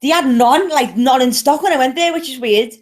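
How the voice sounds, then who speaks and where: High-voiced chatty English woman. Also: a little fast. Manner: chatty, coos softly to her pet. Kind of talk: casual chat.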